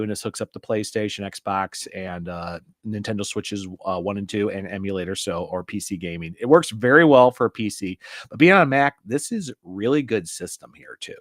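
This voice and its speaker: A man's voice: fairly low pitch, no room sound, studio quality. A man casually reviewing an audio mixer, rambling and chatty as he demonstrates it into a desk mic. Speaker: gear reviewer. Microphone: desk mic through a mixer.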